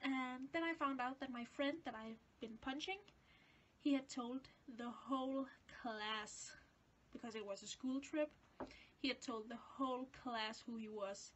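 A teenage girl from Denmark with a high, light voice tells a story to camera in casual English. She speaks it as a second language. Her chatty, rambling way of talking pokes fun at herself. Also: unhurried, a bit bright, a little hiss or hum. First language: Danish. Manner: chatty, self-deprecating, rambling. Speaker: vlogger.

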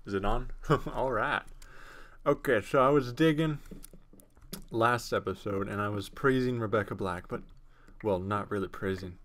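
A young man casually commentating his own gameplay at home on a desktop microphone, rambling and self-mocking with sudden excited outbursts. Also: on the low side, measured pace. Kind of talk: casual let's-play commentary. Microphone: desktop USB microphone.

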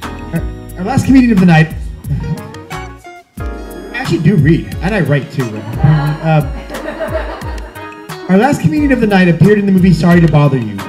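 Male emcee, loose casual patter, somewhat high voice, music in the background. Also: sing-song. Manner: loose, offhand, halting banter. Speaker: comedy show host. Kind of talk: stand-up hosting.

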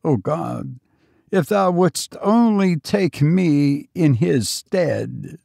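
A frail, devoted old servant, as a male narrator puts him on, speaks in a quivering voice. He sounds slow and careful in a storybook tale. The sound is dry and close. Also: on the high side, lively intonation, gravelly, dark tone, no echo, voice pushed up, heavily acted. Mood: anxious.

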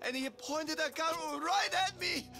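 A man's voice: very high voice, unhurried, music in the background. An actor playing a crooked, scheming male taxi driver with a crude, sneering manner in a video game. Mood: fake panicked. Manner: sneering, switches to fake panicked pleading.

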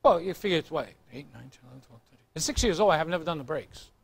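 A man preaching as a pastor, chatty and joking, teasing the congregation and asking them to shout. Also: fairly high pitch, expressive, rapid-fire, vocal fry. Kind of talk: sermon. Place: church. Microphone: recorded on tape in the room.

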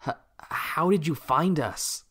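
Man doing a high eager young villager. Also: takes it slowly, fairly bright tone, slightly rough, heavily acted. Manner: eager, tumbling words.

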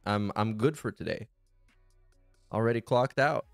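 A man's voice: fairly low pitch, unhurried, gravelly, no room sound, soft background music. A man hosting a casual reaction commentary, sarcastic, profane and exasperated. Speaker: commentary channel host.

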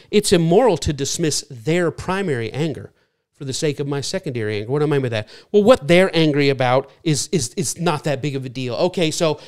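A man's voice: medium pitch, clear, resonant tone. A middle-aged man giving an earnest lecture-style talk from slides, sometimes acting out other people's voices. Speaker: speaker teaching a series.

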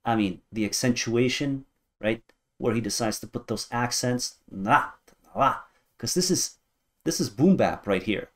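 A man's voice: mid-range voice, expressive, unhurried, fairly bright tone. A man in his thirties hosting a music reaction video, musing aloud and guessing as he goes. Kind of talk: casual reaction commentary.

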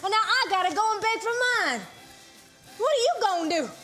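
A woman's voice: very high voice, sing-song, fairly quick, faint music behind, heavily acted. A scolding working mother. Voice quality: scolding, sharp, exasperated. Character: stern working mother, a house cleaner. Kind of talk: stage play acting. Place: theater stage.

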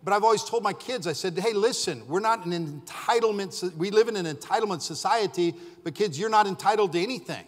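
A middle-aged male pastor preaching in a church, his voice sitting a bit high for a man. He tells stories animatedly and acts out what people said, rising to shouts at the peaks. A long reverb from the sanctuary hangs on his words. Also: quick pace, hardly any pauses. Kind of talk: sermon.

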